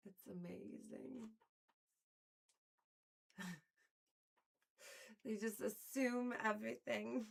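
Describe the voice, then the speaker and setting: A woman's voice: medium pitch, vocal fry. A woman livestreamer chatting casually with viewers in a playful, rambling way and giggling often.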